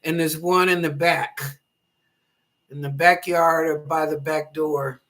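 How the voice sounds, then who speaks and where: Bright-voiced woman giving psychic readings. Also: low-pitched, steady tone, takes it slowly. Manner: chatty and warm-hearted, laughs easily, blesses callers; reads chat questions aloud then interprets them. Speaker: psychic reader and show host. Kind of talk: live online psychic readings.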